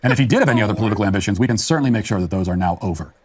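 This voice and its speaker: A man's voice: on the low side, expressive, rapid-fire, a little mellow, breathy edge. A man delivering a scripted political commentary monologue in a scathing, emphatic manner.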